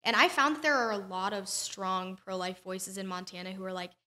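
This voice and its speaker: Bright-voiced young woman telling a story. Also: mid-range voice, brisk. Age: young adult. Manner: earnest, animated storyteller with frequent fillers. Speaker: guest. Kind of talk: storytelling in a podcast interview.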